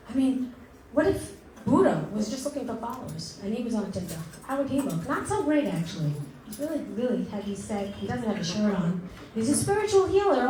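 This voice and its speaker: A middle-aged woman doing a brash, self-mocking stand-up set in a comedy club. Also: a little high. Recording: echoey club with audience laughter.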